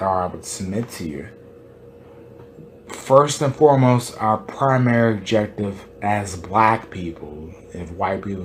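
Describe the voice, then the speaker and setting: A podcast host delivering an impassioned monologue, stressing points by repeating them and firing off rhetorical questions. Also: male voice, on the low side, slight background noise.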